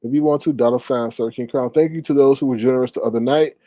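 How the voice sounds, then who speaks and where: A man hosting a casual live stream, reading viewer comments aloud and reacting with sassy, animated remarks. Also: medium pitch, fast talker, no echo.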